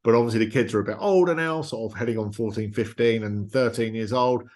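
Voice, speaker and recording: A man's voice: on the low side, fast, a little mellow. Enthusiastic man telling travel stories. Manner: enthusiastic storytelling. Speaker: podcast host. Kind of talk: casual podcast chat.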